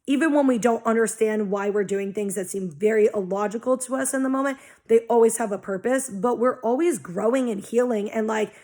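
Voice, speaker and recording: Talking casually in a blunt, heavily profane way, a young adult spiritual vlogger shares a monologue on spiritual growth and acts out her own past reactions. Her voice is on the high side and a little mellow.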